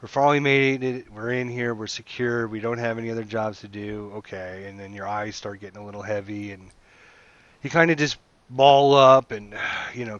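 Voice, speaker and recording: A man narrating a tabletop game as game master, relaxed and rambling, with many fillers. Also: on the low side, dull audio.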